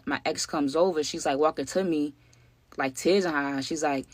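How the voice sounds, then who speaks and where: Guy telling a storytime, halting, keeps saying you know what i'm saying, dry close sound. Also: on the high side, steady tone, no echo. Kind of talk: casual storytime.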